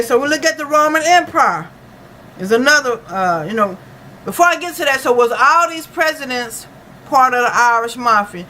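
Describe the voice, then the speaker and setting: A woman giving an unscripted true-crime monologue from her notes, halting and full of "uh" and "you know" fillers. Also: fairly high pitch, sharp tone, slight background noise, poor audio. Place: lives in Dallas.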